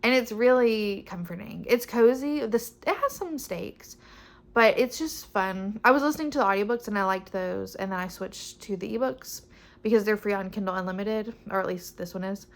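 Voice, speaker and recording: A young woman talks through her books in a casual vlog. She's chatty and upbeat, rambling and restarting her sentences, at an ordinary middle pitch. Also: normal speed. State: pregnant. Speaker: book vlogger. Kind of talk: casual chat.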